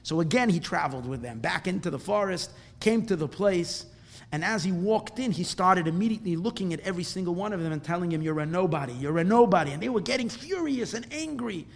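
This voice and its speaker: A religious teacher telling a tale as a lesson, with animated, repetitive phrasing that swells louder at dramatic moments, then closing with a blessing. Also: male voice, high voice, brisk, vocal fry. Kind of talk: storytelling lesson ending in a blessing.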